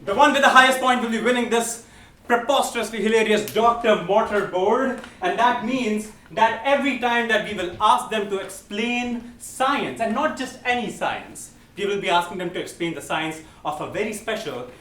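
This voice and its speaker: A man's voice: sits high, moderate pace, sharp tone. A man hosting a live comedy game show on stage, with playful, teasing crowd work. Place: stage in front of a live audience. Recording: roomy echo, far from the mic, audience noise.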